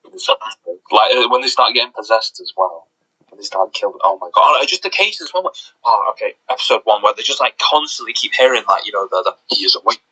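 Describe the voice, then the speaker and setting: Husky, bright-voiced young man chatting. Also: on the low side, expressive, fast, poor audio. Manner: enthusiastic, rambling, lots of fillers like "do you know what I mean". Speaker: podcast co-host. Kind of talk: casual podcast chat.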